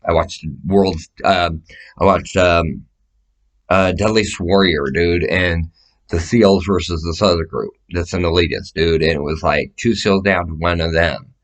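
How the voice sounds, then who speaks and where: A man's voice: low voice, steady tone, unhurried. A man talking straight to the camera in a rambling, profane monologue that wanders from topic to topic and swears freely. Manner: profane, meandering, gestures while describing sizes.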